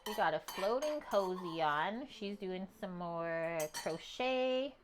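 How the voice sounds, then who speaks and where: A woman's voice: on the low side, lively intonation, slow, noisy background. Chatty woman hosting a cooking stream. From Canada. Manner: chatty, loose, with frequent "like" fillers. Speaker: cooking livestream host. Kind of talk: casual stream chat. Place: home kitchen.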